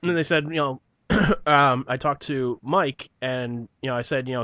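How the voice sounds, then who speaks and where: A man's voice: medium pitch, moderate pace, bright, forceful tone, dry recording. A man with a New Jersey accent telling a long, profane story about an old job in a casual podcast chat. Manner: swears often, mocks people in put-on voices. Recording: dull lo-fi podcast audio.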